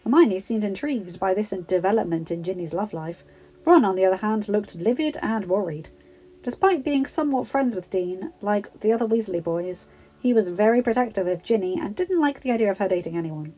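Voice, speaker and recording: A woman reading a fan-written story aloud in a steady, plain storytelling manner. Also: mid-range voice, a little fast. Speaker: fanfiction reader. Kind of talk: audiobook narration. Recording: slightly dull home recording.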